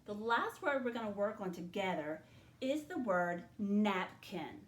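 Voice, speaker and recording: Slow, patient woman teacher spelling aloud. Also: mid-range voice, sing-song, recorded from a distance. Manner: slow, patient, sounds out letters one by one. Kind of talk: spelling dictation lesson. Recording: echoey room, voice from the mic.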